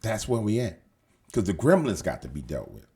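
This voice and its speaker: A man's voice: lowish voice, wildly swooping pitch, normal speed, warm tone, breathy edge. A man hosting casual news commentary, slangy and emphatic, swearing and repeating himself as he rambles. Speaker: show host.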